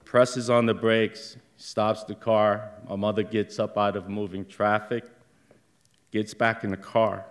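Slow, low-voiced man telling his story. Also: little pitch movement. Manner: slow, halting delivery with heated outbursts. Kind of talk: live personal storytelling. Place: theater stage.

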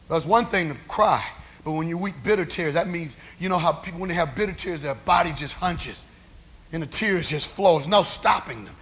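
Male preacher with a high voice, conversational sermon delivery, peppers the congregation with rhetorical questions. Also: lively intonation, moderate pace, a bit bright.

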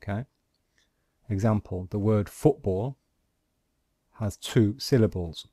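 Male teacher, lowish voice, very slow measured delivery, dry close sound; walks learners through symbols. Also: mellow, no echo. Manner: slow, deliberate, explaining step by step. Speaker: language teacher. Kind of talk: screen-recorded pronunciation lesson.

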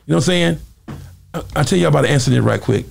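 A man telling stories from his music career in a casual interview, animated and full of asides. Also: fairly high pitch, rapid-fire, vocal fry. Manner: animated storyteller, acts out quoted voices. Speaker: interview guest, former singer.

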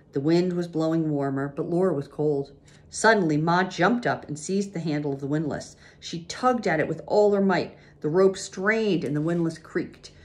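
A woman reading a children's chapter book aloud, gently pausing to show pictures. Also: fairly low pitch. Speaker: reader.

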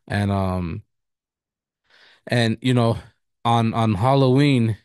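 A male pastor telling a personal story in a sermon, animated, laughing often and acting out the quotes with sudden high bursts. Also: no room sound, studio quality.

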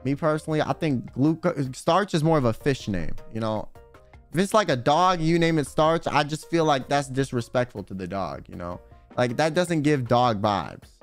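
A man's voice: mid-range voice, animated, normal speed. A young man streaming, telling a rambling, slangy story in casual chat. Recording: faint music behind.

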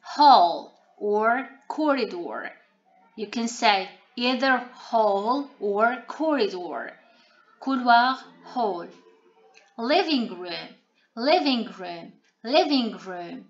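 A woman with a fairly high voice works through a vocabulary lesson. She says each word three times at a very slow, careful pace. The recording is a little dull and lo-fi. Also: lively intonation. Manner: explains pronunciation plainly. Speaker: language teacher. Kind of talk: vocabulary lesson, repeating words.

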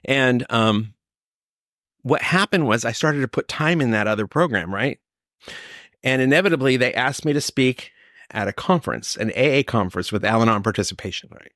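A man from California, older, telling his recovery story in a lively, storytelling way, acting out what others said. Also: medium pitch, moderate pace, no echo, clean studio sound. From Sacramento, California. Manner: storytelling, animated, quoting others. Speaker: recovery speaker.

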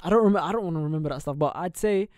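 A young man chatting on a podcast, quick and joking as he rambles. His voice sits a little high. The sound is close and dry. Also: darkish tone, no room sound. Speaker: podcast co-host. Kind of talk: casual chat.

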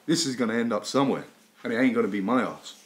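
A man playing a brash, boastful young London wannabe rapper in an improvised comedy rant, swaggering and crude, with a put-on London accent and sudden shouts. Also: medium pitch, animated, fast talker, slight background noise, voice pushed down, lightly acted. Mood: aggressive.

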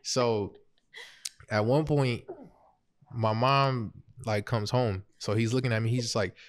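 A man's voice: medium pitch, a little slow. A young man, casually telling a funny personal story as a podcast host, laughing through it. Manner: laughs through his story, animated, quotes himself.

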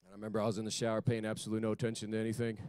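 A man preaching at a youth church service, fervent and emphatic, swinging from loud exclamations to quiet, hushed asides. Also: on the low side, monotone, rapid-fire, smooth, no room sound. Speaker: youth pastor. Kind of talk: sermon.

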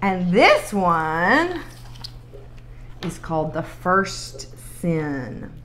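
A woman leading a children's sermon, telling a story in a playful, animated way. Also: fairly low pitch, extremely slow, a little hiss or hum.

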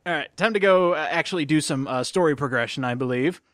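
A man's voice: on the high side, fast talker, fairly bright tone, dry recording, clean studio sound. A young man giving chatty, jokey let's play commentary. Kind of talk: casual gameplay commentary.

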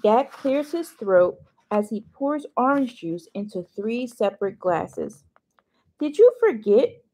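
A woman's voice: medium pitch, expressive, slow, hardly any pauses, a little mellow. A woman reading a novel chapter aloud in first person, adding chatty asides to her listeners. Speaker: reader.

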